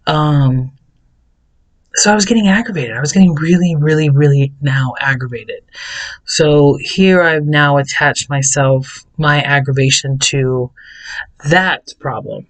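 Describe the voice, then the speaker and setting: Slow-talking man in a rambling monologue. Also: fairly high pitch, low-quality recording. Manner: rambling, repeats words in bursts. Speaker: self-help vlogger. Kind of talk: personal confessional monologue.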